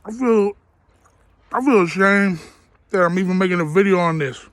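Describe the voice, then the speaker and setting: A man's voice: sits high, normal speed, a bit bright, no room sound. A man doing a casual food review vlog, swearing bluntly and crudely, sometimes talking while chewing.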